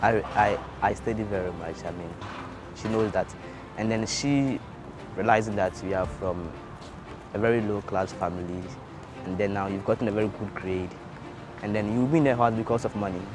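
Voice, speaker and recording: A young man, a scholarship student who answers interview questions haltingly and repeats his words. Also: fairly low pitch, noisy background. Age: young adult. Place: outdoors in town. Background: music and passing vehicles.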